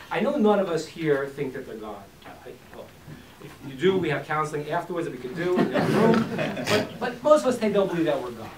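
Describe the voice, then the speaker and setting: A teacher giving an informal talk to a live audience, acting out quotes and joking with the room. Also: mid-range voice. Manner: animated, acts out quotes and jokes with the room. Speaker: teacher of a class. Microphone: distant from the mic. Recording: echoey room, distant mic, faint hiss.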